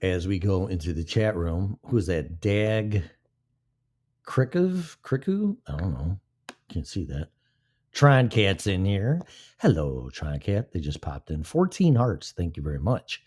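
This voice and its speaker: Speaking at a measured pace, a man with a low, darkish, slightly rough but animated voice hosts a live stream, rambling and cursing to kill time. The mic is positioned to the side of his mouth.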